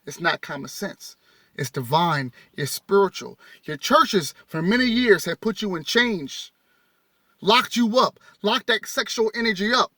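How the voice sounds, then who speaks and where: High-pitched guy reading a spiritual book out loud, keeps rereading and preaching at folks, dry close sound. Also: lively intonation, a little slow, no room sound. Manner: rereads passages, stumbles and corrects himself; addresses listeners directly in casual vernacular. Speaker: spiritual teacher reading and commenting. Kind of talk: reading aloud with preaching commentary.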